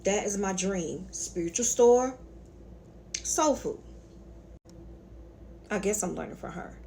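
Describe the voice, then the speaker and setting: A woman's voice: mid-range voice, lively intonation, slow pace, gravelly, dark tone, slight background noise. A woman with a Southern accent hosting her own spiritual channel, telling a story in a sassy, colloquial way and calling her viewers honey and y'all. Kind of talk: casual storytelling lecture.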